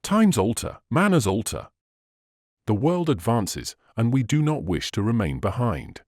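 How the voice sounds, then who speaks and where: A man's voice: mid-range voice, big pitch swings, measured pace, a little mellow, dry recording, studio quality. A man reading the part of a pompous, impatient middle-aged burgomaster in an audiobook, speaking emphatically and indignantly.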